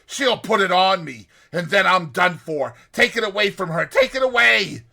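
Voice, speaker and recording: A dying man raves in terror at a ghost only he can see, pleading in high, loud, frantic cries, as a man puts him on in an audiobook. His voice is bright and strained. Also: expressive, moderate pace, gravelly, exaggerated voice. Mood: terrified. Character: terrified, raving dying man seeing a ghost.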